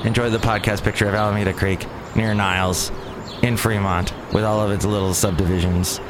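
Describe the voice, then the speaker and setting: A man hosting a solo podcast, rambling in an animated, exasperated way and going off on tangents. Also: lowish voice, a little fast, background noise. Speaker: podcast host. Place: outdoors by a cafe.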